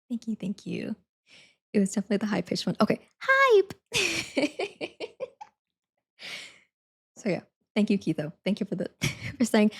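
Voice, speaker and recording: A woman's voice: mid-range voice, gravelly, darkish tone, husky. A young adult woman chatting casually on a live stream, laughing often, saying "like" a lot and thanking viewers again and again.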